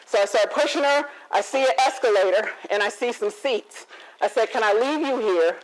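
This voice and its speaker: Animated woman telling a story on stage. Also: fairly high pitch, normal speed, poor audio. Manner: animated, acts out dialogue, laughs often. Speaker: motivational speaker and confidence coach. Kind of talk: storytelling keynote talk.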